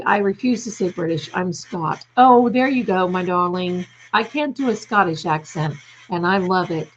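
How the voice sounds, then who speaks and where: Woman live-stream host, warmly affectionate with viewers, unhurried, with a faint hiss behind. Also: fairly low pitch, lo-fi sound. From United States. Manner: affectionate, calls viewers darling. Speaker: livestream host. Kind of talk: casual live chat reading comments. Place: home.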